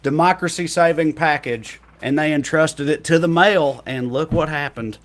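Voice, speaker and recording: Higher-voiced man cracking sarcastic jokes. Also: normal speed. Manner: sarcastic, joking. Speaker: host. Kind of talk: casual political comedy chat.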